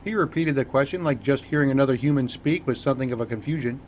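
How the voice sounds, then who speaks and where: A man narrating an audiobook in an even, measured reading style. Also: mid-range voice, a little hiss or hum. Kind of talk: scripted narration.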